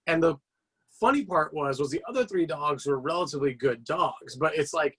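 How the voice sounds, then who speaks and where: A man's voice: fairly high pitch, moderate pace, husky. A man guest on a podcast, telling long casual stories with many fillers and restarts. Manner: animated rambling anecdotes with frequent fillers. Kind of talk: casual storytelling chat.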